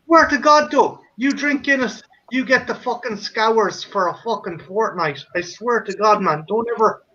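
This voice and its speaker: Irish man host, high bright voice, foul-mouthed ranter, casual podcast chat. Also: normal speed. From Ireland. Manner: profane, ranting storyteller. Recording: slightly muffled audio.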